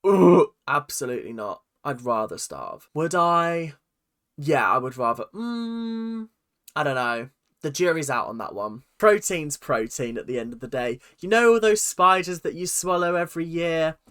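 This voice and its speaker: A man's voice: a little high, lively intonation, moderate pace, sharp tone, clear, resonant tone. A man hosting a reaction video, chatting casually and exaggerating with mock voices.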